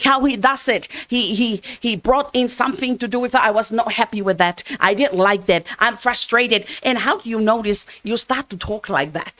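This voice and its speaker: Woman minister, sermon; slow, emphatic, fairly high voice, dry sound. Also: a bit bright, no echo. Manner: earnest and emphatic, with many restarts. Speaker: church minister. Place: church.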